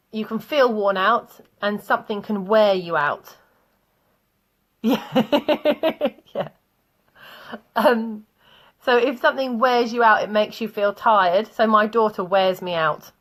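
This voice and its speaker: A woman's voice: mid-range voice, a bit bright. A woman, teaching vocabulary in a chatty way, often laughing and telling anecdotes. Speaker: English teacher. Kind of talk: online English vocabulary lesson.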